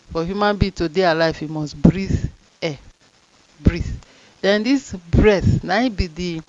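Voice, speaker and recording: Slow Nigerian woman teacher. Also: fairly low pitch, darkish tone, dull audio. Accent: Nigerian Pidgin. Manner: slow, drawn-out sounding of letters and words. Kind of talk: phonics lesson in Pidgin.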